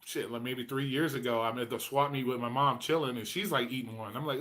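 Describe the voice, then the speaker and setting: A man's voice: medium pitch, fairly even intonation, a little fast, fairly bright tone. A man in his forties hosting a casual livestream chat, telling rambling, profane stories. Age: 40s. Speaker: host.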